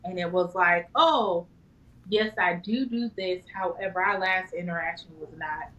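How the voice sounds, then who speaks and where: A woman co-hosting a podcast in casual chat, blunt and profane, with big leaps in pitch. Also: a little slow, fairly bright tone, low-quality recording. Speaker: podcast co-host.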